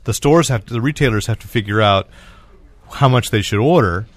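A man's voice: fairly low pitch, brisk, no room sound. A man hosting a casual comics podcast, rambling with restarts and laughing often. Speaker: podcast host. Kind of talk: casual chat.

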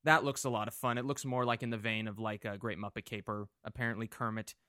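A man with a lowish voice tells a long story on a podcast, tumbling through restarts with eager, animated energy. His voice is recorded close and dry, with no room around it. It sounds like a relaxed chat among friends. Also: quick pace, dry recording. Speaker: podcast guest reporting on a fan convention.

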